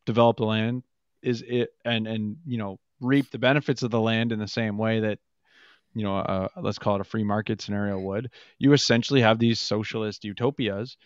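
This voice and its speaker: A man's voice: fairly low pitch, fairly even intonation, a little fast, no echo. A man co-hosting a podcast conversation, talking thoughtfully and correcting himself mid-sentence. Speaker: co-host. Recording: dull, dry lo-fi sound.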